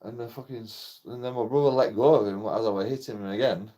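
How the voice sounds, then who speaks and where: A man's voice: fairly low pitch, fast, warm tone. Rambling, swearing young man. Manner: rambling, heavy swearing, nervous laughs between phrases. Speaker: channel host telling a personal story. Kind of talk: casual personal storytelling.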